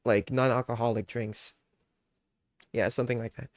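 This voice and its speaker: A male streamer in casual chat, laid-back and rambling with many fillers, quick to laugh. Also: mid-range voice, little pitch movement, no echo, clean studio sound.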